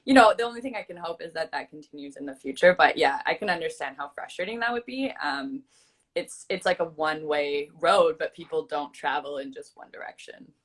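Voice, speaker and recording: A woman fiction writer hosting an interview, chatty and animated, often acting out quick reactions. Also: low voice. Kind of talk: casual conversational interview.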